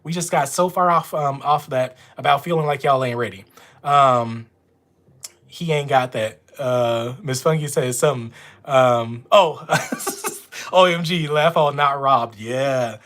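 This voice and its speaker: A man's voice: medium pitch, unhurried, fairly bright tone. A man with a Louisiana accent, chatting casually with viewers on a live stream from home. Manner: chatty, talks straight to viewers. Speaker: notary running a live stream. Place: at home with dogs nearby.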